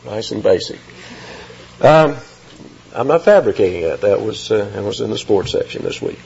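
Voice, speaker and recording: A man preaching an expository sermon, emphatic and lively, reading scripture aloud and explaining the words. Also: lowish voice, normal speed, creaky, pauses often, breathy edge, highs cut off.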